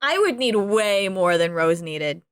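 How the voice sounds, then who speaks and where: Expressive woman with a lively voice. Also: mid-range voice, a little slow, smooth, no echo. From Virginia. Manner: giggly, expressive. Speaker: podcast co-host. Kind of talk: casual chat.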